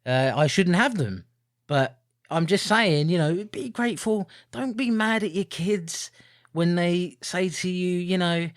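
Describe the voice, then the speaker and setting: A man's voice: animated, unhurried, no echo, studio quality. A man co-hosting a podcast in casual, jokey, rambling chat, with mock-grumpy outbursts. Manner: jokey, rambling, mock-grumpy with sudden loud high bursts. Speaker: podcast co-host.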